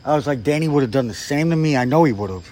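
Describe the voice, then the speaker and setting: A man's voice: a little high, lively intonation, rapid-fire, a little mellow, slight background noise. A man telling a story in casual chat, swearing freely and acting out what people said. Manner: profane, acts out quoted people. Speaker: guest storyteller.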